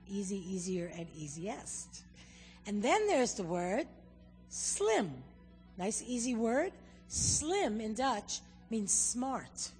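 Animated American missionary woman addressing a congregation; higher voice with a long hall echo. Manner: animated, joking, addresses the audience directly. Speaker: missionary speaking at a church. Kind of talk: humorous church talk with a language lesson. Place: church hall. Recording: reverberant hall with faint music.

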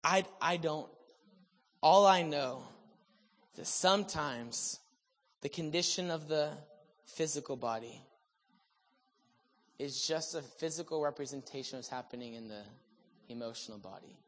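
A man preaching a sermon, telling a healing story with animated delivery that swings from loud excitement to hushed, sober moments. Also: a little high, a little slow, long pauses, slight background noise. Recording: long reverb of a large hall.

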